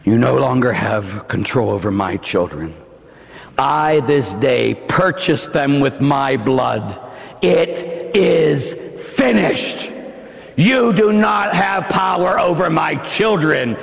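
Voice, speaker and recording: A man's voice: mid-range voice, animated, gravelly, pitched below the performer's own voice, heavily acted. A man crying out as a dying man on a cross. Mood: commanding. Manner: drawn-out dramatic cries. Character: dying man on a cross, anguished then triumphant. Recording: long hall reverb.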